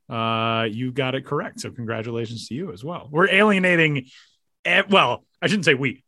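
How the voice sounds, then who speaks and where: A man hosting a casual podcast, joking around and quick to laugh. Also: medium pitch, dry recording, clean studio sound. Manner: jokey, animated, quick to laugh. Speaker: podcast host.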